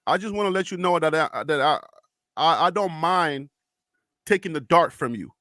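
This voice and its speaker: A man's voice: fairly high pitch, animated, normal speed, pushed and bright, no echo, clean studio sound. A man hosting a livestream panel, talking emotionally and passionately, often repeating himself in a preacher-like cadence. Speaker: livestream host.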